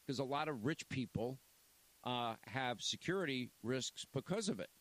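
A man's voice: mid-range voice, expressive, fairly quick. A man hosting a talk radio show, rambling and blunt, reading an ad and chatting casually. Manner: rambling, blunt, repeats himself.

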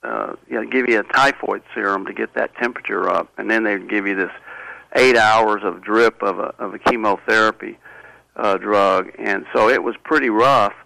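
A man being interviewed, telling a personal story in a halting, earnest way with many restarts. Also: fairly low pitch, vocal fry, sharp tone, no room sound, rough recording. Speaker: interview guest.

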